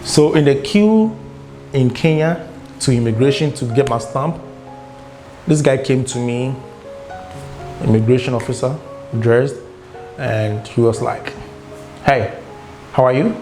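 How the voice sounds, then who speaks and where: A young man from Ghana, a travel vlogger, telling an airport story in a casual, animated way and acting out the dialogue. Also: mid-range voice, unhurried, long pauses. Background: guitar music.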